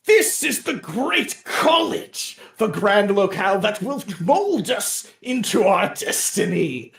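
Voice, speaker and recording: A woman's voice: big pitch swings, slow pace, gravelly, exaggerated voice. A woman voicing an over-eager, grandly formal female knight lieutenant in a tabletop game. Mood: grandly hearty. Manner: booming, overly formal proclamations. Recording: roomy echo.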